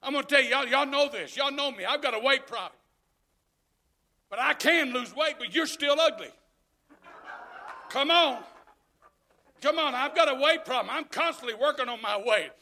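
A man preaching a sermon, folksy and joking, dropping to quiet asides and then shouting exhortations. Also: extremely high pitch, normal speed, pauses often.

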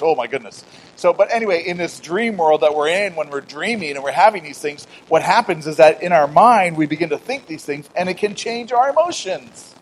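A middle-aged pastor delivers a conversational sermon, swinging between loud, emphatic declarations and quiet storytelling full of self-deprecating humor and acted-out dialogue. His voice is a little high, and the recording is rough.

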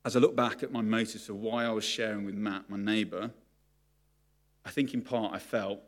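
A man's voice: on the low side, steady tone, normal speed. A man preaching a sermon to his congregation, candid and confessional about his own struggles. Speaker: pastor.

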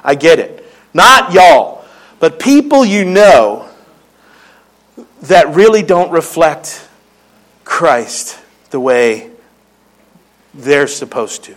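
A man's voice: on the high side, big pitch swings, extremely slow, long pauses, a bit bright, poor audio. A man preaching a sermon, telling stories in a joking, conversational way. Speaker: pastor.

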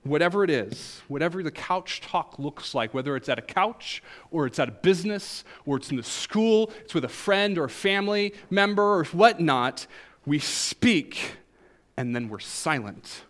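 A male pastor preaching a sermon in a conversational storytelling way, with wry humor and a voice that swings between emphatic highs and soft, low asides. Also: expressive, moderate pace.

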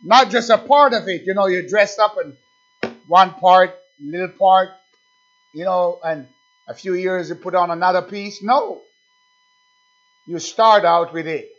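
A man's voice: sits high, measured pace, pauses often, fairly bright tone. A man preaching a sermon, emphatic and repetitive, calling out "amen" between points. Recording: dull lo-fi sound.

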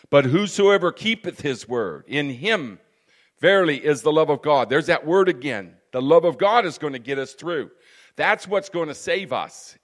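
A man preaching a sermon with fervor, dropping to near-hushed asides and rising to loud emphatic bursts, peppering his talk with "praise God" and "amen.". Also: medium pitch.

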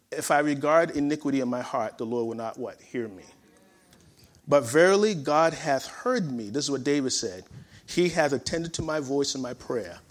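Man preaching with repeated emphasis. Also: a little high. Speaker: pastor. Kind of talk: sermon.

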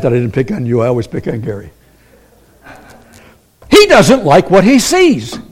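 A man preaching a sermon as pastor, acting out quoted voices and asking the congregation questions. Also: high voice.

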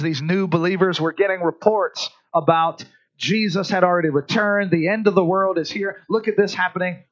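A man's voice: high voice, lo-fi sound. A man preaching a sermon as pastor, talking conversationally, asking the congregation questions and repeating his words. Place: church service.

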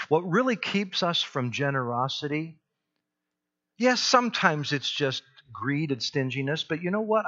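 A man preaching a sermon, emphatic, with dramatic pauses and repeated key phrases. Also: medium pitch, sharp tone, lo-fi sound. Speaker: pastor.

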